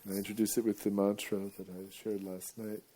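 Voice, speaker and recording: A man giving a rambling, jokey live talk to an audience, breaking now and then into loud playful chants. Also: lowish voice, little pitch movement, brisk, slightly rough.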